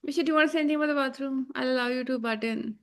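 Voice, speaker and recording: A woman's voice: high voice, racing, fairly bright tone. A woman co-hosting a casual review chat, ranting emphatically with sarcasm and plenty of swearing. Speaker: co-host.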